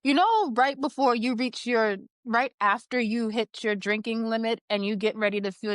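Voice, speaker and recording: A woman guest on a podcast, candidly telling a personal story in an animated way and laughing now and then. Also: on the high side, moderate pace, hardly any pauses, no room sound, clean studio sound.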